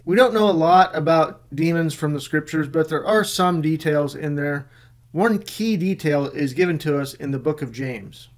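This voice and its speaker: A man giving scripted Bible teaching, reading scripture passages in a measured way. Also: on the high side. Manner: measured, reads scripture aloud.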